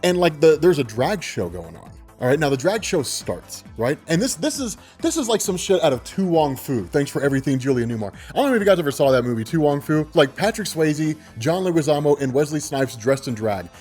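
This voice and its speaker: A man in his twenties tells a personal story in a high voice that leaps up and down all the time. He is animated, laughs a lot and swears casually, with faint music under him. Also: a little fast, hardly any pauses. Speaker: vlogger.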